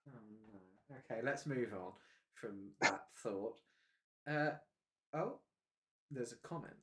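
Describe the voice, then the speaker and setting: A man's voice: medium pitch, slow, very noisy. A man hosting a live stream, chatting casually and rambling with frequent hesitations and laughs. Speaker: livestream host.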